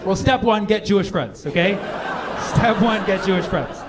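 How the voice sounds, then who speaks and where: This stand-up comic has a high, animated voice and works a comedy club crowd with playful irony, quick asides, and quoted voices he acts out. Heavy background noise and audience laughter fill the live club recording.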